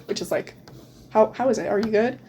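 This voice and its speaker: Teen girl guest, American, casual and filler-heavy, mellow tone, light background hiss. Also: a little high, a little fast. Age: teens. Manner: chatty, many "um" and "like" fillers, laughs often. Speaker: guest, returned exchange student. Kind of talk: casual interview answers.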